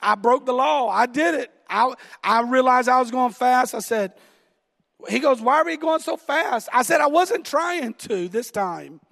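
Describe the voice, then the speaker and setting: High-voiced Southern pastor in a reverberant hall. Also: male voice, lively intonation, measured pace, gravelly, fairly bright tone. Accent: Southern American. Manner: storytelling, laughs at himself, acts out dialogue. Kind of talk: sermon with a personal story. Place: church sanctuary.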